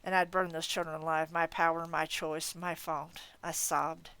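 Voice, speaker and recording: A woman reading a novel aloud in an expressive, casual manner. Her voice is getting tired. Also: sits low, normal speed, clean tone. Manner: expressive reading, breaking off to laugh and comment. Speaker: audiobook reader.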